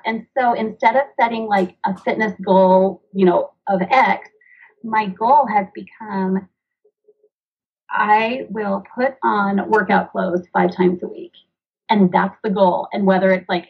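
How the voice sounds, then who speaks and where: A medium-pitched woman with a breathy edge, heard through a muffled recording, is a mother and author in her thirties. As a podcast guest in a conversational interview, she explains things earnestly, rambling a little and acting out dialogue.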